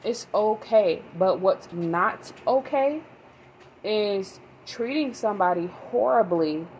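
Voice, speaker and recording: A woman's voice: lowish voice, darkish tone, a little hiss or hum, rough recording. A young adult woman, a mother, rambling casually to her viewers with lots of fillers and restarts. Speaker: vlogger. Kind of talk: casual rambling talk to camera.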